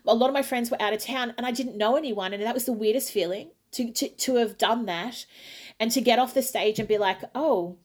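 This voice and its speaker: Australian woman, middle-aged opera singer, a bit high, animated raconteur. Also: fairly quick. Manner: animated storytelling, acts out her own quotes. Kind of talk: casual podcast interview.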